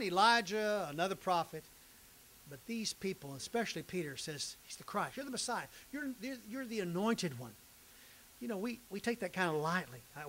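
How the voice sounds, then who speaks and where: A man's voice: fairly high pitch, a bit bright, rough recording. An older man teaching a Bible class in a folksy, conversational way. He reads scripture, repeats phrases for emphasis and jokes with his students.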